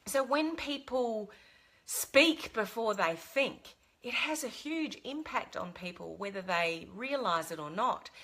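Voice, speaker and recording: A woman's voice: on the high side, lively intonation, slow pace, sharp tone. A middle-aged woman talking to camera, giving earnest life advice with fillers and restarts. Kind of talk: casual talk to camera.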